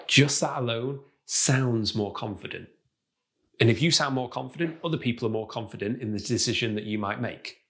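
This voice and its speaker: A man presenting a tutorial to camera, speaking in a measured, demonstrative way and acting out example replies. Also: mid-range voice, animated, a bit bright. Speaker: communication coach.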